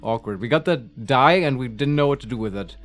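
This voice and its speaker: A man's voice: mid-range voice, a little fast. A man co-hosting a let's play, chatting casually with playful, jokey asides and frequent laughter. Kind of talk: casual gaming chat.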